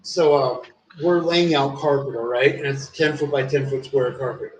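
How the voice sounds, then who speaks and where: A man's voice: mid-range voice, steady tone, moderate pace. A man streaming, telling long rambling stories in casual chat, full of swearing and fillers. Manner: rambling, profane storytelling with many fillers. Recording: echoey room with faint ambient noise.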